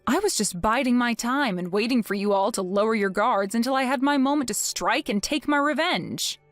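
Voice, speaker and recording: A woman's voice: fairly high pitch, expressive, moderate pace, no echo, faint music behind, natural voice. A woman voicing a vengeful young wife in a dramatized story, cold and taunting with mock innocence. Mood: scheming.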